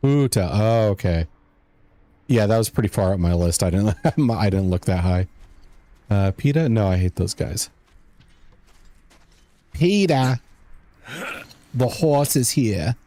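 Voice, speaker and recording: A young man talks his way through a game stream, rambling and chatty as he answers his viewers. His voice sits low and mellow, unhurried in tone even when he drifts off topic. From United States. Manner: rambling, chatty, talks to chat while playing. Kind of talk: casual gameplay commentary.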